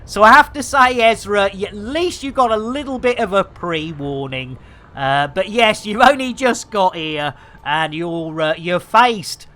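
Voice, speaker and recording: A man's voice: on the high side, moderate pace, pushed and bright. A man streaming a game live, chatting in a bawdy, theatrical, rambling way. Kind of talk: cheeky live-stream chat.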